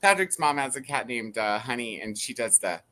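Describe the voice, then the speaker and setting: A woman chats casually, telling animated stories about her pets. Her voice is very low for a woman, and her pitch swings widely. A faint background hum sits under her. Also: normal speed. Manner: animated storytelling, acts out pets' voices. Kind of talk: casual chat.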